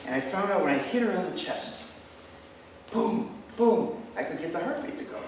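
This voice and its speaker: Telling an animated story at a moderate pace, a high-pitched older American man who's a retired doctor performs stand-up at a live venue to audience laughter. The recording is echoey, distant, and has background noise.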